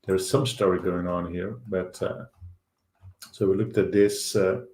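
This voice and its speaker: Low, slow Dutch-accented man. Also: fairly even intonation, darkish tone, echoey room. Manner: thinks aloud, halting with fillers. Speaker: stock market show host. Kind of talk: live trading chart commentary.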